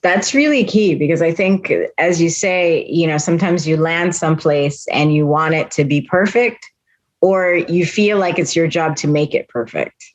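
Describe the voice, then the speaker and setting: A woman's voice: low voice, moderate pace, no room sound. A woman hosting a podcast interview, asking questions and affirming her guest. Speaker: podcast host.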